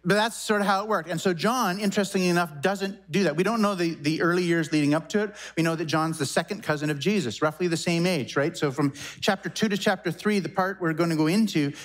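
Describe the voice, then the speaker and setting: A pastor in his forties delivers a sermon in a conversational, animated way. His voice sits a little high for a man. He breaks off for quick asides and corrects himself as he goes. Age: 40s.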